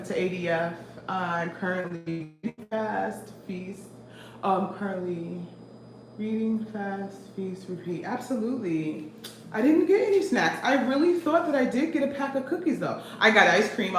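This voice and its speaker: A young woman chatting away casually to her viewers, lively and talkative. She sits a little away from the mic in a roomy, echoing space. Steady background noise runs under her voice. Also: medium pitch. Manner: chatty, animated, reading comments aloud. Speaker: vlogger. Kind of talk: casual vlog chat. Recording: echoey room from a distance with noise.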